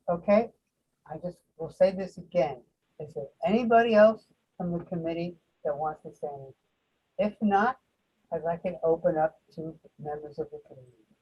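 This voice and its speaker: A woman runs a committee meeting on a video call, brisk and procedural. Her voice is husky. The audio sounds dull and lo-fi. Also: on the low side. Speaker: committee chair. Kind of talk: chairing a virtual meeting.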